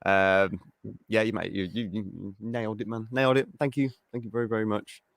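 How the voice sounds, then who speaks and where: A man's voice: on the low side, steady tone, normal speed, vocal fry, dry recording. A man from the West Midlands with a West Midlands English accent, hosting a casual live-stream chat and saying mate a lot. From England, West Midlands. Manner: chatty, says mate a lot. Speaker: show host.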